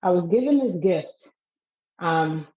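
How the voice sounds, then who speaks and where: A woman guest on a podcast giving a faith testimony in casual chat, preaching and telling stories with animated delivery. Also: fairly low pitch, slow pace, dull audio.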